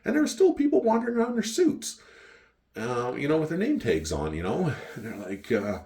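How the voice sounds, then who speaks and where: A man's voice: on the high side, fairly quick. A middle-aged man from Canada with a Canadian accent, telling rambling, profane stories in his home wine cellar. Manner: profane, chatty, animated. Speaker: vlogger. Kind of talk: rambling storytelling.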